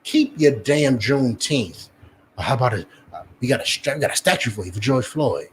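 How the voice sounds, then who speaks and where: A man's voice: medium pitch, animated, fairly quick, slight background noise. A man with a New Jersey accent preaching a fiery street sermon, swearing and acting out the voices he quotes.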